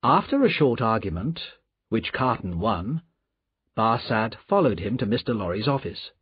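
A man narrating an audiobook with slow, lively storytelling. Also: lowish voice, husky, no room sound. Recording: dull lo-fi recording.

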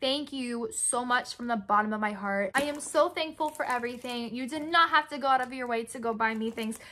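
Bright, high-voiced young woman gushing. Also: brisk. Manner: gushing, gasps often, reads notes aloud. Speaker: YouTuber opening fan mail. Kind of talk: excited unboxing chat.

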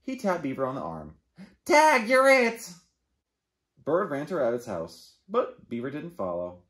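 Animated storytelling librarian man. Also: mid-range voice, normal speed. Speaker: children's librarian. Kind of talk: reading a picture book aloud for kids. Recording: echoey room.

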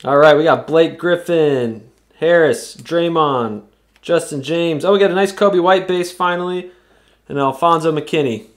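A man's voice: a little high, a little slow. A man hosting a live trading card break, reading out the cards he pulls and whooping at the big hits. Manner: reads player names off cards.

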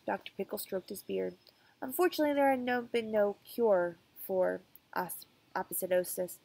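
A woman's voice: mid-range voice, normal speed, gravelly, darkish tone, dry recording, low-quality recording. A woman teacher reading a children's chapter book aloud to her students, with casual asides, fillers and self-corrections.

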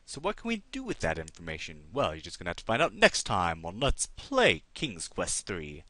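Low-voiced, animated let's play host, chatty, dry close sound. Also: male voice, normal speed, no room sound. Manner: chatty, reads game text aloud.

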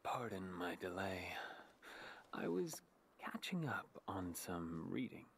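An actor playing a mysterious, poetic young man in a game cutscene, speaking in a hushed, breathy, formal way. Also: low-pitched, very animated, a little hiss or hum, heavily acted. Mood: cryptic. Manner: slow, measured, formal. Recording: game score playing loudly underneath.

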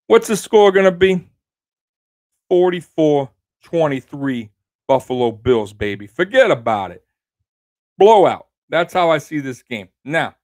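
A man hosting his own sports prediction show, brash and trash-talking, swinging between loud hype and low growly asides and tagging lines with "baby". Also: no echo, studio quality. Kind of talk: fan score prediction rant.

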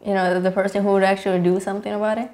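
A woman's voice: medium pitch, level tone, racing, darkish tone. A woman hosting a casual reaction video, chatty and exclamatory, laughing often.

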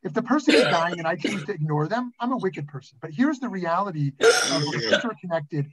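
A man's voice: high voice, expressive, fairly quick, a loud crowd. A rabbi teaching a class over a video call, speaking animatedly and often asking "right?" as he goes. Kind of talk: conversational online lesson with anecdotes. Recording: dull lo-fi video call audio.

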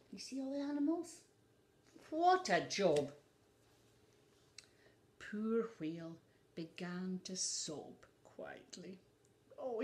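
A woman's voice: mid-range voice, darkish tone. A woman reading a picture book aloud to children, adding asides for young listeners. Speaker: storyteller.

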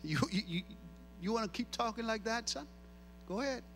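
A middle-aged male pastor preaching an animated sermon, switching between two languages and repeating phrases for emphasis. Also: very high-pitched, brisk, slight background noise. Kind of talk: bilingual sermon.

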